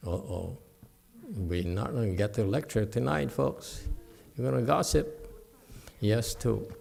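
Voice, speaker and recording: Speaking at a measured pace in a fairly low, gravelly voice, this man teaches a Buddhist lecture in a temple hall. His manner is animated and conversational, with chuckling remarks to the audience.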